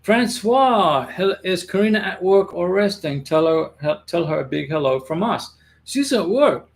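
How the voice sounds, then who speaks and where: A man's voice: sits high, lively intonation, measured pace, gravelly. A middle-aged man hosting a casual livestream from home, reading viewer comments and rambling with frequent restarts and repeated words. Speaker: livestream host giving immigration advice.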